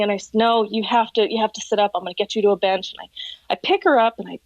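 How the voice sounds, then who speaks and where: A woman's voice: mid-range voice, racing, no room sound, highs cut off. A woman working as a whale watching tour guide, guest on a casual podcast, telling stories with lots of laughter. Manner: animated storyteller, laughs often. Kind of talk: casual chat, storytelling.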